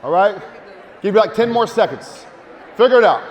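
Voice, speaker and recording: A man giving a lively marketing seminar to a live audience, joking and urging the crowd to take part. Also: sits high, normal speed, slight background noise. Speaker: speaker at a marketing event. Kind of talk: energetic live seminar talk. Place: large hall with audience. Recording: long hall reverb.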